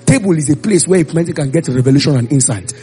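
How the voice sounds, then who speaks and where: Quick and husky, with a fairly high pitch, this preacher brings Bible stories to life in his sermon by performing the voices of the people in them.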